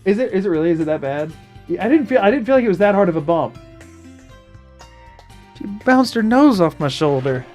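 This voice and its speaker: Casual live streamer, giggly and talkative, mid-range voice over soft music. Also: mid-range voice, very animated, brisk, pauses often. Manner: chatty, laughs often.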